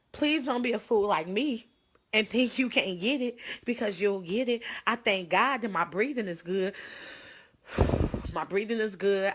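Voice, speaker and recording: A woman's voice: medium pitch, pushed and bright. A young woman pleading urgently into her phone on a livestream, holding back tears. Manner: urgent, pleading, tearful at times. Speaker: livestreamer sharing her own illness.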